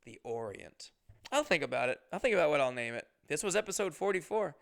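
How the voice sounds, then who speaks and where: A man's voice: on the high side, big pitch swings, brisk, gravelly. A young man hosting a comedy podcast, telling stories casually, rambling and profane, and often interrupting himself.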